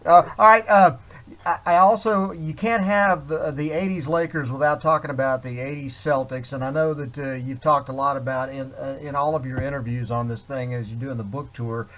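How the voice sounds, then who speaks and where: Male interview host, halting and hesitant. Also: medium pitch, steady tone, a bit bright. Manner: hesitant, many fillers.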